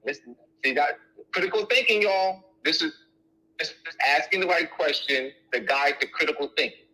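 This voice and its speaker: An emphatic man with a fairly high, bright, forceful voice answers audience questions like a teacher. He repeats words for stress and restarts his sentences often. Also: normal speed, rough recording. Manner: emphatic, repetitive, lots of restarts. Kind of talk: lecture Q&A.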